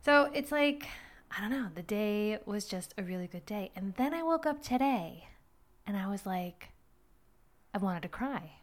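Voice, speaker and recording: A woman's voice: medium pitch, expressive, unhurried. A middle-aged woman hosting a podcast, talking candidly and at length about her day, rambling a little and laughing at herself. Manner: candid, rambling, self-deprecating with small laughs. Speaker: podcast host. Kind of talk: personal reflective monologue.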